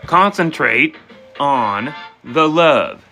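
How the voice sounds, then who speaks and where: A man doing a live tarot reading, playful and animated, talking straight to viewers and acting out their questions and answers. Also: on the high side, drawn-out words, faint music behind. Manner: voices questions and answers as quoted speech. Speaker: tarot reader taking questions.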